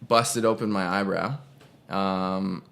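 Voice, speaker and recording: A young man with a low, gravelly voice tells a personal story in a relaxed, casual way. He rambles and corrects himself as he goes. He slips into small voices when he quotes people. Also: takes it slowly. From Canada. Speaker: actor and podcast guest.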